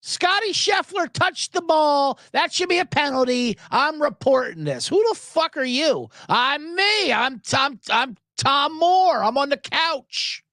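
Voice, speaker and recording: A shrill, self-important couch golf fan calls in to report a foul, his voice pitched high above a normal man's and swooping up and down in a whiny, indignant way, as a man puts him on. It is heard dry and close, with no room sound. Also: big pitch swings, a little slow, hardly any pauses, bright, forceful tone, dry recording, heavily acted.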